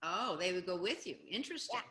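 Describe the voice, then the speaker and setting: A woman's voice: lowish voice, animated, fast, sharp tone, reverberant. A woman guest chatting with a child host, telling stories and acting out examples in an encouraging way. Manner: encouraging, storytelling with acted-out examples. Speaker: guest, anti-bullying advocate. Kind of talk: casual interview chat with a child.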